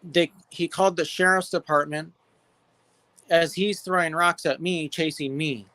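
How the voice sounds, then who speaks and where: A man from California casually telling stories about his neighbors, animated and mimicking them in high voices, talking outdoors into a phone. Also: unhurried, no room sound. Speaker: livestream guest. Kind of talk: casual storytelling chat.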